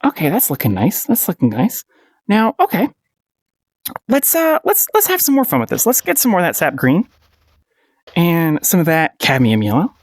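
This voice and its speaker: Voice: medium pitch, huge pitch swings, moderate pace, pauses often, no echo, clean studio sound. A painting instructor giving a casual paint-along tutorial, playful and encouraging, often giggling and repeating short phrases.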